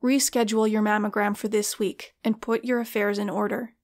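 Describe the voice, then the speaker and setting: Woman reader as stately supernatural broker, formal, measured, steady. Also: medium pitch, close to an everyday voice. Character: calm supernatural female broker of lifetimes.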